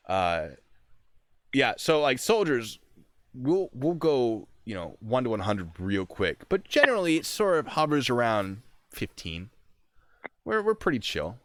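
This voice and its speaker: A young man, a sergeant hosting a casual chat, telling stories in an animated way. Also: fairly low pitch, normal speed, no room sound. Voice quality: animated, shouts in retold scenes. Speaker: host, army sergeant.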